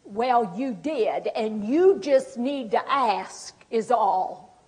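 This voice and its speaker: A cross, scolding elderly person with dementia, acted out by a woman trainer, speaking slowly and pointedly in a high, raised voice. The sound rings in an echoey hall. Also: animated, darkish tone. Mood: indignant. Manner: slow, emphatic, accusing.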